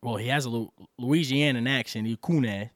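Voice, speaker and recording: Profane, animated man telling a story. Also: medium pitch, moderate pace, dry recording. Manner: animated, profane storyteller who acts out quotes. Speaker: podcast co-host. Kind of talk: casual storytelling chat.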